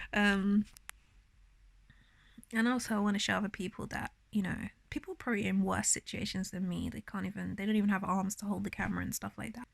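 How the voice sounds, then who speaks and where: A woman vlogs from her bed in a hushed, half-whispered voice, rambling through her thoughts with lots of fillers. She sounds upset and in pain, at a middling pitch, and the sound is dry and close, with no room echo. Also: moderate pace, creaky, pauses often. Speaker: vlogger. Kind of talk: casual confessional vlog. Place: in bed, indoors.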